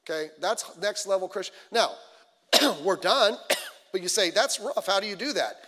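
High-voiced man preaching in a hall. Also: normal speed. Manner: conversational, animated storytelling with acted quotes. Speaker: pastor. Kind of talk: midweek sermon. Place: church sanctuary. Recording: long reverb of a church hall.

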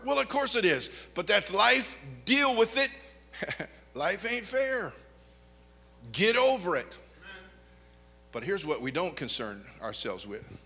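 An older man preaching a sermon as a pastor, animated and joking, with sudden loud outbursts. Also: fairly high pitch. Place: church sanctuary. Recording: long hall reverb.

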